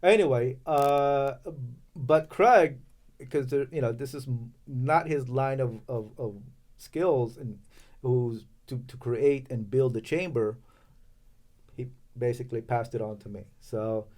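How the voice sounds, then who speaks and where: A man from Los Angeles speaking as a podcast guest in casual, halting talk with many fillers and restarts. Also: medium pitch, darkish tone. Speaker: podcast guest, chamber of commerce president. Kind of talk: casual interview chat.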